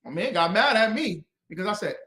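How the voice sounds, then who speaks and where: A man's voice: sits high, lively intonation, a little fast. Fiery preaching man in an echoey room. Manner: combative and preachy, loud emphatic bursts. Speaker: religious teacher. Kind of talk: fiery teaching commentary.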